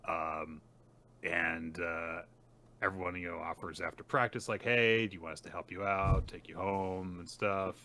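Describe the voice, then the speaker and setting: A man with a low but bright, forward voice talks through a manga chapter on a podcast. He retells the scenes loosely, with lots of fillers, and slips into character lines as he goes. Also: fairly even intonation, a little slow. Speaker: podcast co-host. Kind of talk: casual chat recapping a manga chapter.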